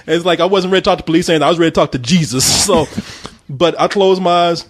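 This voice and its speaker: A man telling a story in casual chat, animated and swearing freely, acting out the voices of the people in it. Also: a little high, very fast, no echo.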